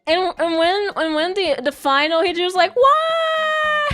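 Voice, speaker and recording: A woman's voice: extremely high pitch, normal speed, fairly bright tone, soft background music. A woman streamer chatting casually while drawing, rambling through stories with lots of giggles and acted-out quotes.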